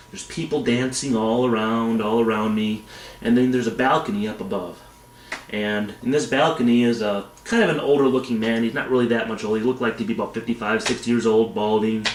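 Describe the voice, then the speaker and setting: A man's voice: mid-range voice, a little hiss or hum. A man casually retelling a long dream in a rambling, tangential way from a dim room, speaking as a vlogger. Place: dim indoor room, backlit. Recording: echoey room.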